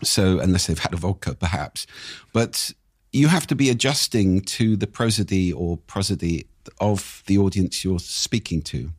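Brief: older man, croaky and husky, very low voice, lively swooping delivery, dry sound. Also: moderate pace, dry recording. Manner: animated, swoops up and down in pitch. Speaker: speaking coach. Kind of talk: casual conversation.

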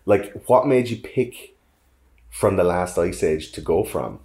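A man's voice: deep voice, expressive, measured pace, darkish tone. An Irish man co-hosting a podcast in casual chat, rambling with fillers and restarts. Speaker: podcast co-host.

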